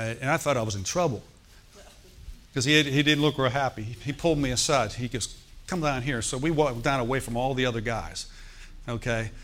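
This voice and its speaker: A man's voice: mid-range voice, fairly bright tone. A man, a pastor, preaching a sermon in a church, telling a personal story and rising into emphatic exhortation.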